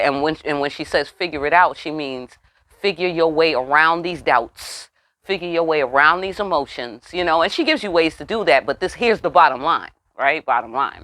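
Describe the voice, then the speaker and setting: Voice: mid-range voice, fairly bright tone, no echo. A tarot reader giving a casual spiritual reading, talking bluntly with lots of cursing and rhetorical questions. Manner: profane, emphatic, streetwise; asks the listeners rhetorical questions.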